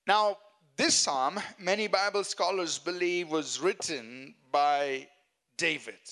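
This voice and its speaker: A man's voice: a little high, slow, sharp tone. A man preaching a sermon as pastor, earnest and emphatic, repeating key phrases and chuckling at his own jokes.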